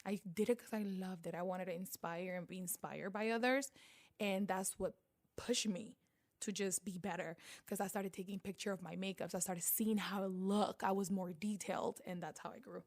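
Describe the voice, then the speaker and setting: Lively woman with a Spanish accent. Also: medium pitch, moderate pace. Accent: Panamanian Spanish. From Panama. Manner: animated storyteller, acts out quoted voices. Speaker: guest, beauty vlogger. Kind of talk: casual interview.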